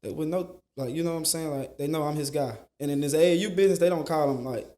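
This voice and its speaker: Animated, slangy male basketball coach. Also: on the high side, quick pace. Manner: animated storyteller, repeats phrases for emphasis, slangy. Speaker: basketball coach and mentor, interview guest. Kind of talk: casual interview talk.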